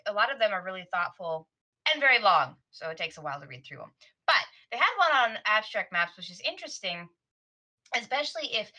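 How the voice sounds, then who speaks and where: A woman game master chats casually on a podcast, rambling with restarts and little laughs. Her voice is a bit low but bright and forward. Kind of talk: casual chat.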